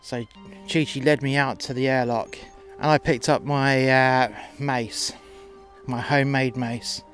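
A man's voice: mid-range voice, fairly even intonation, measured pace, fairly bright tone, soft background music. A man narrating a first-person sci-fi story in a casual, sweary, rambling way.

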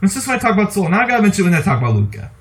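A man co-hosting a podcast, talking casually about movies in an animated, opinionated way and laughing often. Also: sits high, rapid-fire. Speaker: podcast co-host.

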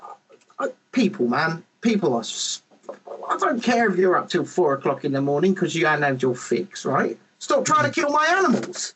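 Husky, animated male podcast host. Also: fairly high pitch, normal speed, poor audio. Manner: animated and rambling, lots of restarts. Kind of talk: casual chat. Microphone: podcast microphone.

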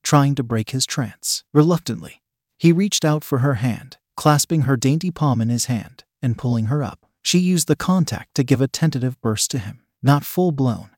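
A male narrator reads a story aloud in a steady, even way. His pitch sits in the middle range, and the recording is close and dry, with no room echo. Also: normal speed. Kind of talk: scripted narration.

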